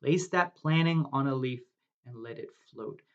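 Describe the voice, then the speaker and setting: A man from New Jersey leading a guided meditation in a slow, gentle way with long pauses. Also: mid-range voice, creaky, muffled recording.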